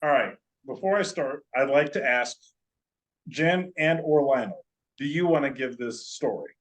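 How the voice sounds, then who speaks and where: A man's voice: mid-range voice, expressive, normal speed, a bit bright, low-quality recording. A man, a podcast guest, telling a long story in casual, joking, profane chat.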